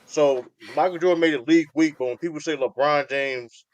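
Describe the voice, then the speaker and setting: A man's voice: a little high, a little fast, no echo, lo-fi sound. A man hosting a heated sports debate podcast, cutting in and repeating himself to get the floor. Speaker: podcast host.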